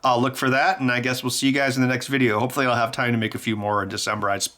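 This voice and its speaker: A man hosting a casual vlog, animated and jokey with frequent laughter. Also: mid-range voice, very fast. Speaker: tech YouTuber.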